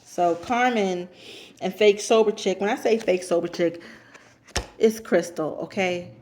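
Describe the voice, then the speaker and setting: A woman casually recapping a reality show episode, chatty and repeating herself for emphasis, and she steers clear of cursing. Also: fairly low pitch, a little slow, darkish tone. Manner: avoids cursing.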